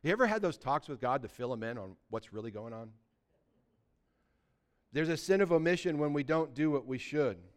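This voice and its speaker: A man's voice: medium pitch, animated, normal speed, pauses often. A male pastor preaching a sermon in a conversational way, acting out little everyday dialogues.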